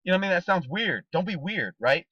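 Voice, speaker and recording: A man's voice: high-pitched, lively intonation, quick pace, slightly rough, dry recording. A man giving a motivational training talk, coaching his listeners emphatically with rhetorical questions and a repeated "guys" and "okay?". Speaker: network marketing trainer. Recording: dull, dry recording.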